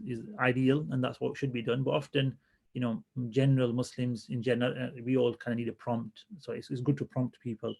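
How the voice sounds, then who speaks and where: A man teaching a religious class in a relaxed, conversational way, often restarting his sentences as he thinks aloud. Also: mid-range voice, creaky. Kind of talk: casual classroom lesson.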